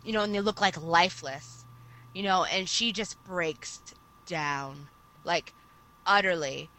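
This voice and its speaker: Bright-voiced woman retelling a story. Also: on the low side, unhurried, poor audio. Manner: animated storytelling, recounting anime plot at length. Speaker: podcast co-host. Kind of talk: casual chat.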